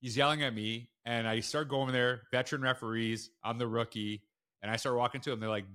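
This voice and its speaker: A man speaking as a podcast guest, recounting his own stories in a casual, animated way. His voice is bright and forceful. He leaps up in pitch when he acts out the people he is quoting. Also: quick pace. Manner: animated, acts out quotes with big jumps in pitch. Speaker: school principal and guest. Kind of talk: casual storytelling in a podcast interview.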